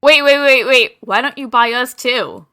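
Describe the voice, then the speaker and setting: A woman playing a tabletop game and asking pointed questions with wry remarks. Her voice is bright and fairly high, recorded dry and close. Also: moderate pace, clear, resonant tone, no echo. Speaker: player.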